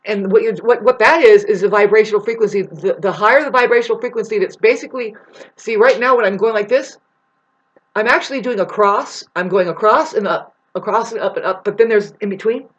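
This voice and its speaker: A man's voice: high voice, a little fast, a bit bright, highs cut off. A man ranting on his vlog, rambling and swearing heavily, jumping from topic to topic with many restarts. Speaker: vlogger. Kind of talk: rambling profane vlog rant.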